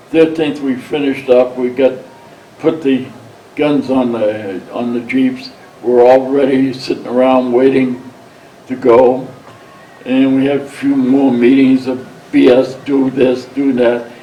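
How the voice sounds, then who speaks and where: Slow-talking older man in a roomy space. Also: mid-range voice, dark tone, a little hiss or hum. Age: 70s. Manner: blunt and profane, retells scenes by quoting himself. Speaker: veteran interviewee. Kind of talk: oral history storytelling. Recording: roomy sound, mic set at a distance, faint background ambience.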